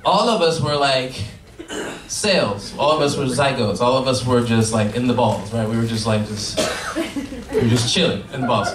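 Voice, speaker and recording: Male stand-up comedian, profane animated storytelling, mic off at a distance, roomy live club. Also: mid-range voice, normal speed, crowd noise. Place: cannabis club comedy show before a live audience.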